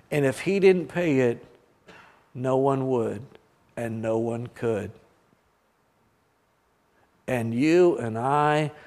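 A man preaching a sermon with fervor, rising to loud emphatic peaks and dropping to quiet, low passages, with halting restarts.

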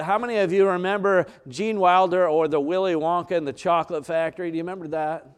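A male pastor delivering a sermon, leaning on repetition and dramatic pauses to build his points. His voice sits fairly high and sounds smooth and resonant, with occasional fillers and restarts.

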